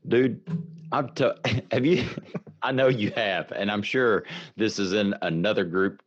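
A man co-hosting a casual podcast among friends, joking crudely and sometimes drawing his words out slowly. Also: on the low side. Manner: crude joking, slow drawn-out delivery when clowning. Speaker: podcast co-host. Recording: muffled lo-fi audio.

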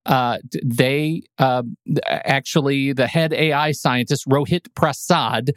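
A man's voice: medium pitch, fairly even intonation, a bit bright, no room sound, clean studio sound. A man co-hosting a podcast in casual chat, playful and teasing as he talks. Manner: playful, teasing, quick-talking. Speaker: podcast co-host.

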